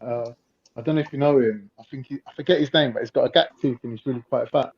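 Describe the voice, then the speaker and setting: A man's voice: mid-range voice, fast talker, dull audio. A man with a North London accent in casual chat, telling stories animatedly.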